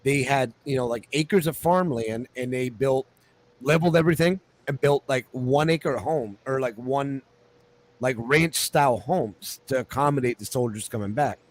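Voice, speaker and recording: A blunt man in his forties with a Philadelphia accent, talking in a loose, rambling way. His voice sits in an ordinary middle pitch. He stumbles over restarts as he goes. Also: normal speed. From United States. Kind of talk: casual chat.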